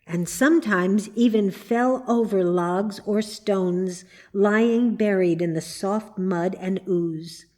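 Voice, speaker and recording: Slow, measured woman storyteller. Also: medium pitch, warm tone. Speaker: reader. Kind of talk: scripted storybook narration. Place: church.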